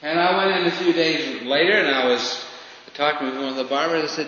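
Bright-voiced preacher in an echoing hall. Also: male voice, mid-range voice, animated, a little fast. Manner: swings from loud emphasis to hushed, falling phrases. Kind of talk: sermon. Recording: dull, roomy hall recording with faint hiss.

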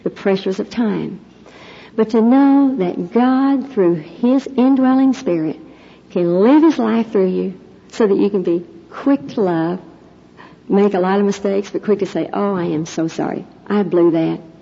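A woman's voice: medium pitch, dark tone, breathy edge. A middle-aged woman giving an earnest, emphatic sermon-style talk full of personal stories, closing in prayer. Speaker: Christian speaker, mother. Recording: dull lo-fi recording.

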